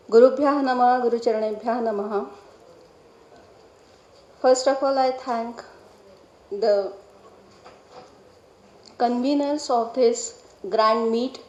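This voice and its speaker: A middle-aged woman with an Indian English accent presenting an academic paper, measured and explanatory, stressing key syllables. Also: on the high side, mellow, lo-fi sound. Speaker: Vedic researcher presenting a paper. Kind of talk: academic lecture. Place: lecture hall. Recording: echoey hall.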